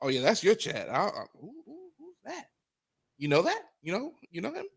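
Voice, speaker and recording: A man co-hosting a casual livestream, teasing the others with lively, laughing banter. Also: sits high, normal speed, gravelly, breathy edge, no echo, clean studio sound. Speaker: podcast co-host.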